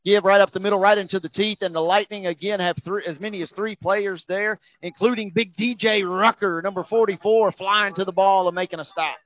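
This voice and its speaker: A man calling play-by-play for a high school football game, building excitement on big plays. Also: fairly quick, few pauses, lo-fi sound. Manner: energetic, rising on big plays. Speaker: play-by-play announcer.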